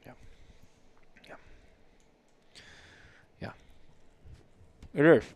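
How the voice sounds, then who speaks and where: A man's voice: drawn-out words, a little mellow, dry recording. Rambling, foul-mouthed podcast host man. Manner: rambling storyteller, swears freely. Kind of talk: casual chat.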